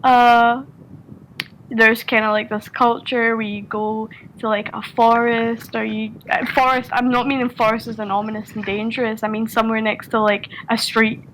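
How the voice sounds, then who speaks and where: A woman with a strong Scottish accent talks through a voice-call mic, her voice sitting a little higher than most. She rambles in loose, casual chat, piling up fillers and restarts and swearing freely, with faint hiss behind her. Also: level tone, normal speed, a bit bright, poor audio. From Scotland. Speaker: Discord server member.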